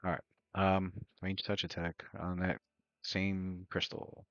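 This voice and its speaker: A man playing a tabletop game, talking quietly and hesitantly, often mumbling to himself. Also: low voice, little pitch movement, unhurried, no room sound, lo-fi sound. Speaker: player. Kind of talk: casual tabletop game play.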